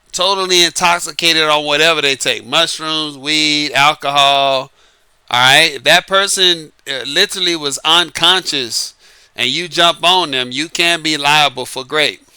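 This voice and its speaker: A lightly Southern-accented man from New Orleans, Louisiana talks casually and emphatically about dating, restating his points and chuckling as he goes. His voice is on the high side, pushed and bright, clear and resonant, at a measured pace with no room sound.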